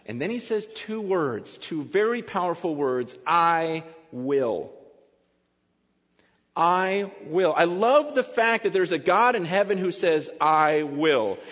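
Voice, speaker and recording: A man's voice: high voice, lively intonation, normal speed, hardly any pauses. Man preaching in a reverberant hall. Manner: conversational, emphatic preaching with repeats. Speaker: pastor. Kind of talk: sermon. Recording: dull lo-fi recording in a long-reverb hall.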